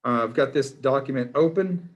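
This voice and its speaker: A man's voice: mid-range voice, moderate pace. A man, a biology teacher in his classroom, quizzing students by name in a playful, encouraging way. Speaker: high school biology teacher.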